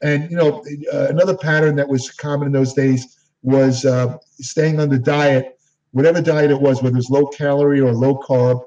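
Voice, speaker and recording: A man's voice: medium pitch, level tone, moderate pace, a little mellow. An older man, an interview guest, telling rambling stories and correcting himself as he goes. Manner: rambling, self-correcting storyteller. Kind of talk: anecdotal storytelling. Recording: distant, dull lo-fi audio.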